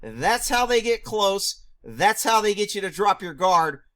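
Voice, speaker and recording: Guy with a high voice ranting over a news clip, asks himself questions then answers, loud mocking bits. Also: measured pace. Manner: animated, rhetorical questions, answers himself, mocking shouted asides. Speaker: video commentator; former police officer. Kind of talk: reaction commentary on a news clip.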